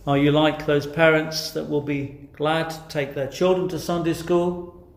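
A man's voice: fairly high pitch, fairly even intonation, unhurried, gravelly. A man preaching a sermon, earnest and emphatic, putting rhetorical questions to his listeners. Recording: echoey room.

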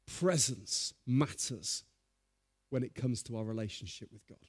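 A man preaching a sermon, telling stories in a lively, humorous way. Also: mid-range voice, unhurried, husky.

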